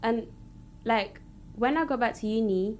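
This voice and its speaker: A woman, a podcast guest in casual chat, talking haltingly with lots of fillers in an even tone. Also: fairly high pitch, a little hiss or hum. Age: 20s.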